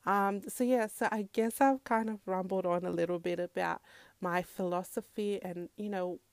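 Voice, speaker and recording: Smooth-voiced earnest woman vlogger, dry sound. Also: mid-range voice, steady tone, moderate pace, no room sound. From Africa. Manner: earnest, confessional, keeps addressing viewers as "guys". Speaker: parenting vlogger. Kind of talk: casual talk to camera.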